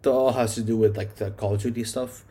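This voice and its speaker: Speaking at a quick pace in a steady, low-leaning voice that is mellow and husky, a music reviewer rambles about his favorite songs, swearing and saying "like" again and again.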